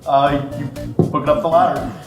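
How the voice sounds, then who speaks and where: A man's voice: on the high side, flat delivery, normal speed. A man running a tabletop game in casual, filler-heavy narration. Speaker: game master. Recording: roomy echo, faint music.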